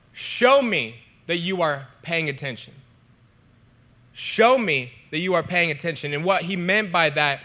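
Young male pastor, bright and forward tone, casual conversational sermon. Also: high voice. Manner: casual, conversational preaching with many fillers. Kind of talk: online sermon.

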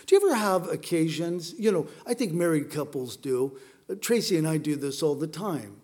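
A man's voice: fairly high pitch, big pitch swings, normal speed, a little mellow. A middle-aged man preaching a sermon, telling the story with playful asides to the congregation. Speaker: pastor.

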